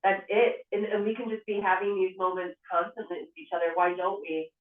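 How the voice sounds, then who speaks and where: A woman's voice: medium pitch, level tone, brisk, recorded from a distance. A woman hosting casual chat, affirming and reflective. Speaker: host. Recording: tinny, echoey phone line from afar.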